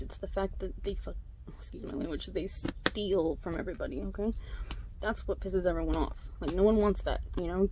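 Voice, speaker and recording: A young woman talks straight to her camera at home, spilling neighborhood drama in a loose, gossipy ramble. She slips into quick voiced impressions of the people she's describing and laughs along the way. Her voice sits at an ordinary middle pitch, and a faint hiss sits under the recording. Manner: gossipy, animated retelling with voiced quotes, frequent fillers and laughs. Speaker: vlogger. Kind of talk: casual storytelling chat.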